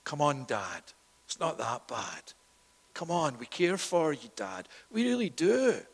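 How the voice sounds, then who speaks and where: A man mimicking hypocritical brothers who quietly fake comfort for their father. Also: a little high, big pitch swings, measured pace. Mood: mock-soothing. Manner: mock-soothing, quiet. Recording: long echo of a church hall.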